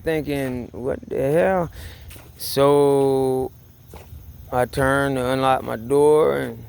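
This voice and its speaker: A man's voice: mid-range voice, creaky, clean tone. A man telling a story in a casual monologue, rambling, swearing and laughing as he repeats himself. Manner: rambling, profane, laughing, repetitive. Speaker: vlogger.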